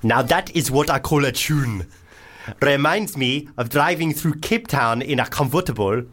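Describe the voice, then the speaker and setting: A man's voice: mid-range voice, normal speed, fairly bright tone, close to an everyday voice. A man putting on a South African accent to read out a listener's email on a radio show, in a hammy, slightly raised voice. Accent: put-on South African. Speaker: radio host.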